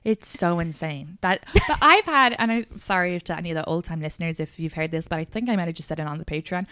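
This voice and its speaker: A woman's voice: lowish voice, expressive, quick pace, sharp tone, clear, resonant tone, dry recording. A young woman comedian hosting a podcast, telling stories in a chatty way and acting out the back-and-forth of conversations she describes. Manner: chatty storyteller, acts out quoted exchanges, laughs often. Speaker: podcast host, stand-up comedian. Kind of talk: casual chat.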